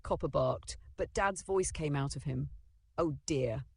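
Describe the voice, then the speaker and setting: Narrator for a kids' storybook, gravelly, husky, dry close sound, dramatic delivery. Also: medium pitch, moderate pace, no echo.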